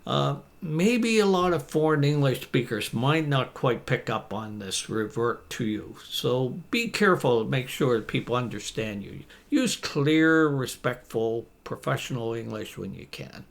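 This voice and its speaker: A man in his fifties teaching business English phrases to camera, reading example lines slowly and deliberately in an encouraging tone. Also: mid-range voice, lively intonation, gravelly.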